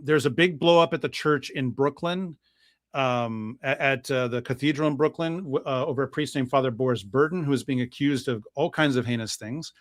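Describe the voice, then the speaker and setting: A priest telling a church history story in a lively talk-show conversation, with plenty of fillers and restarts. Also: male voice, a little high, no room sound, clean studio sound. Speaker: guest priest.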